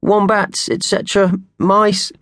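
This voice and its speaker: A man's voice: high-pitched, little pitch movement, slow, fairly bright tone, no room sound, studio quality, voice pushed up, exaggerated voice. A man voicing a sensible, matter-of-fact small male mouse in a children's audiobook. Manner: reasonable, matter-of-fact explainer. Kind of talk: audiobook character voice.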